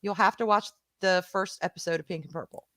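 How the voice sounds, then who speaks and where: A woman's voice: mid-range voice, brisk, a bit bright, no room sound. A woman with a Southern US accent, co-hosting a casual livestream and greeting her chat, calling viewers sweetheart and honey with a giggle. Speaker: co-host of a stream.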